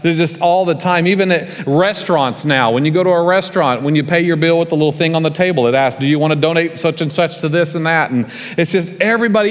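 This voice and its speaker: A man preaching as a guest, telling folksy stories in a relaxed, conversational way and acting out the scenes. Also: fairly high pitch. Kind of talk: storytelling sermon. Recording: long reverb from a large church hall.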